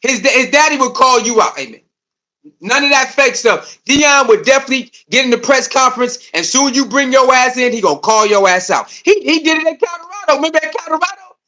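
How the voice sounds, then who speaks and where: Brief: high, bright-voiced male streamer doing slangy, heated reaction commentary. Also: fairly quick. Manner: animated, repetitive, laughing, slangy; mocking, heated. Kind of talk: casual live-stream commentary.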